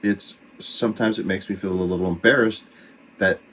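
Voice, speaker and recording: A man's voice: deep voice, fairly even intonation, moderate pace, fairly bright tone, slight background noise. An American man with an American accent, an English teacher explaining patiently in casual talk. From United States.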